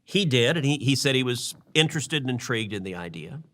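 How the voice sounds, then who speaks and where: A man's voice: medium pitch, lively intonation, fairly quick, a bit bright. A middle-aged man and podcast host recounting events in earnest conversational storytelling, often repeating words as he restarts.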